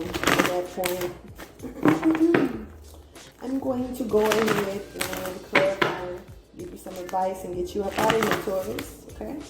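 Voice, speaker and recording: Woman, casual tarot reading, blunt and profane, mellow voice, echoey room, faint music. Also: fairly low pitch. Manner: chatty, blunt, swears freely, laughs often; meandering, trails off with fillers. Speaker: tarot reader.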